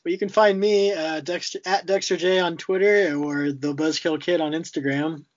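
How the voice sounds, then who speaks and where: A man's voice: a little high, steady tone, normal speed. A man hosting a podcast in easygoing casual chat, laughing along and wrapping up, on muffled lo-fi audio. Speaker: podcast host.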